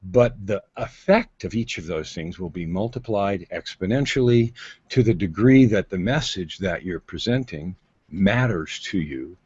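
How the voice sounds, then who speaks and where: A man with a husky voice coaches and tells stories on a video call, leaning on drama and sudden changes of pace. The audio is muffled and lo-fi. It sounds dry and close. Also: low voice, lively intonation, measured pace, darkish tone, no room sound. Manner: dramatic, emphatic, varies pace for effect. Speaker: guest on-camera presence coach. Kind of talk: animated storytelling interview. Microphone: video call mic.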